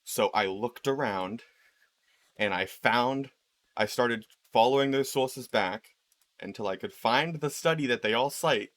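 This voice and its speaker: A man's voice: medium pitch, a little slow, a bit bright, no room sound. A man ranting casually while playing a game, rambling with lots of fillers and swearing. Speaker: video creator. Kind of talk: casual rant while gaming.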